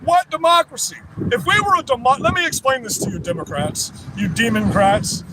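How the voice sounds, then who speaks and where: Outdoors amid traffic and street noise, a man livestreaming from a rally counter-protest rants in a profane, combative, rambling way. His voice is extremely high-pitched and fairly quick.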